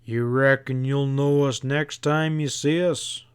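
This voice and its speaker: A man reading an audiobook, voicing a big one-eyed man who talks gruffly and bluntly. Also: mid-range voice, fairly even intonation, takes it slowly, natural voice. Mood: angry, eager.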